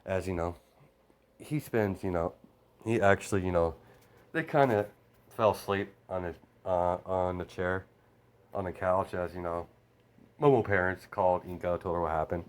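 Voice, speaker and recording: A man casually narrating a fan story out loud, rambling and stuffing it with "you know" and "as" fillers. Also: low-pitched, moderate pace, pauses often.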